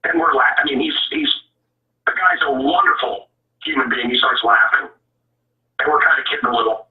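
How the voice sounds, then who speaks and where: Animated man ranting over a tinny phone line. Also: medium pitch, brisk, roomy sound, far from the mic. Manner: animated, stammering, blunt. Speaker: radio host calling in as a guest. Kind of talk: heated talk radio rant.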